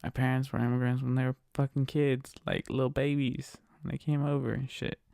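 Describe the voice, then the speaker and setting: Gravelly, foul-mouthed man ranting. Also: mid-range voice, a little fast, dry recording, studio quality. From United States. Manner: swears constantly, repeats himself, animated venting. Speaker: podcast host. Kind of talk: casual profane monologue rant.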